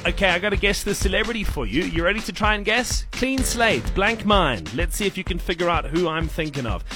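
A man's voice: high-pitched, a little fast, over music. Upbeat male breakfast radio host. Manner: energetic, playful, teasing. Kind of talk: breakfast radio game segment.

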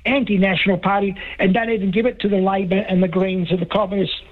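Rambling high-voiced Australian caller, muffled line. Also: male voice, level tone, quick pace. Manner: rambling, emphatic, repeats himself. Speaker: talkback caller. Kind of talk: talkback radio call. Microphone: telephone.

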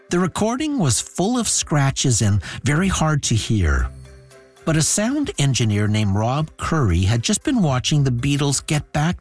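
A man's voice: medium pitch, a little mellow. A man hosting a radio show, telling stories in scripted, conversational narration. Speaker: radio host.

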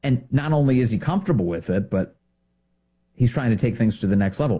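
A male commentator delivers an indignant monologue, pushing his words with emphasis. His pitch swoops widely, and his voice is warm and slightly husky. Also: animated, fairly quick. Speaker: political commentator host.

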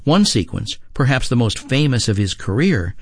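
A man reads his TV review aloud in a steady, scripted way. His voice sits in a middle pitch for a man. The recording is close and dry, with no room sound. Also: slightly rough, dry recording. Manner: measured, reading from a script. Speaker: TV critic.

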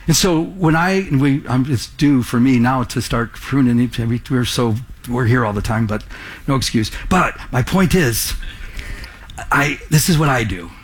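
A middle-aged man preaching a sermon as a pastor, telling stories with lively acted-out dialogue. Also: mid-range voice, measured pace, husky. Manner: animated storytelling, acts out dialogue.

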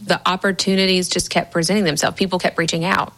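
A woman's voice: on the low side, little pitch movement, fast talker, fairly bright tone. A woman speaking candidly and reflectively in a recorded interview, with some hesitations.

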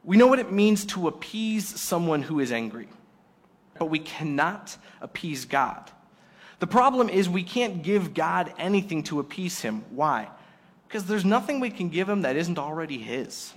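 A man delivers a sermon with a slightly high voice. He acts out quoted little scenes, rising loud and bright for emphasis, then dropping almost to a hush. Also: sing-song, moderate pace. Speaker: pastor.

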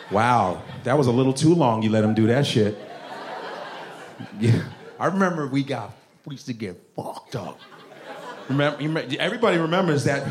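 A man performing stand-up comedy, talking to the audience in an animated, profane way. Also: mid-range voice, brisk, a little hiss or hum. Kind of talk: stand-up comedy with crowd work. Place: comedy club stage.

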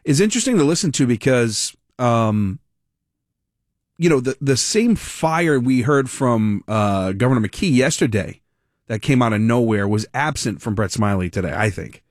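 A man hosting a political talk radio show, giving animated, rambling, sarcastic commentary. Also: mid-range voice, moderate pace, no room sound, clean studio sound.

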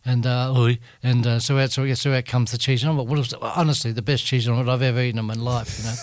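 A man's voice: medium pitch, little pitch movement, fast talker, no echo. A man telling a rambling anecdote as a radio guest, full of restarts and frequent laughter. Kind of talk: anecdotal storytelling.

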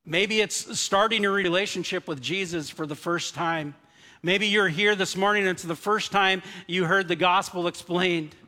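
Male pastor, slightly high voice, earnest sermon delivery that falls to a hush for prayers; long church reverb. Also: moderate pace. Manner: earnest, pleading, drops to a hush on quoted prayers. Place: church sanctuary.

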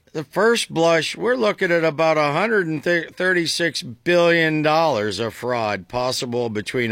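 A man doing an exaggerated, self-mocking impression of a male politician in a high voice. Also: fairly bright tone, no echo, clean studio sound, heavily acted.

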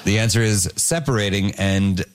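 A man's voice: on the low side, clean tone. Wry male comedy quiz host. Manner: brisk, wry, reads headlines. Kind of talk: comedy panel hosting.

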